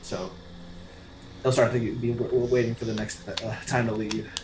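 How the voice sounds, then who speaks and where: A man's voice: mid-range voice, flat delivery, normal speed, reverberant, noisy background. A man player in a tabletop game, talking playfully and laughing easily. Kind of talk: casual tabletop play.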